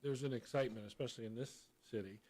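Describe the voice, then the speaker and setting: A man's voice: mid-range voice, quick pace, a little mellow. Middle-aged man explaining food firmly. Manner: explains firmly with many restarts and "right?". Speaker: chef guest. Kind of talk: casual radio interview.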